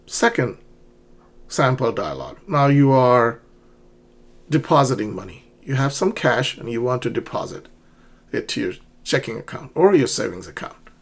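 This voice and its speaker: A man teaching an English lesson, reading banking dialogues aloud and drilling pronunciation with slow repetition. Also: medium pitch, gravelly, breathy edge.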